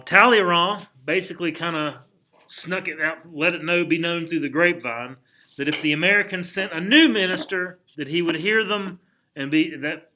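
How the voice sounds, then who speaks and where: High, bright-voiced history teacher man. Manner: animated, conversational, asks the class questions; acts out historical figures in quick asides. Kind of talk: classroom history lecture.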